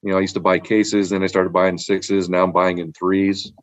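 A man's voice: low-pitched, little pitch movement, moderate pace, no room sound, lo-fi sound. A man in casual chat, rambling about wine with repeated words and frequent laughs. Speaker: podcast guest, wine collector.

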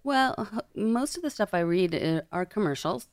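A woman's voice: mid-range voice, expressive, normal speed, no room sound. A woman guest on a podcast, a voiceover actor chatting casually in a studio and laughing often. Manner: chatty, laughs often, drops into announcer reads. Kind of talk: casual chat. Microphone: studio mic.

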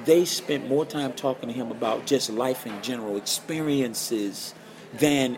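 A man's voice: mid-range voice, a little slow, crowd noise. A man telling stories in a podcast interview, acting out the voices of the people he quotes. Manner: animated storyteller, acts out quoted voices. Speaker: guest guitarist.

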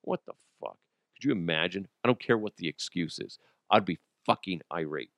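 A man's voice: sits low, lively intonation, moderate pace, a bit bright, no echo. A man hosting a solo podcast, rambling casually with lots of swearing and jokes. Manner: profane, joking, rambling. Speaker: podcast host.

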